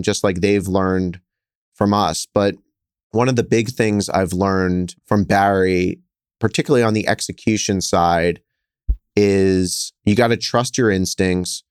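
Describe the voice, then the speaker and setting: A lower-pitched man in his thirties talks through his business stories on a podcast, animated and quick to act out scenes. His voice is smooth and clear, recorded dry and close. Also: no room sound. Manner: animated, quick storyteller who gets louder acting out scenes. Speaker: hotel investor guest. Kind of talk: conversational interview storytelling.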